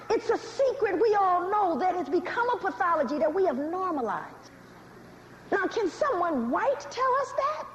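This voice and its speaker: Animated high-voiced woman lecturing. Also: reverberant, a little hiss or hum, rough recording. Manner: animated, dramatic storytelling with audience asides. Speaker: speaker. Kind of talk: public lecture.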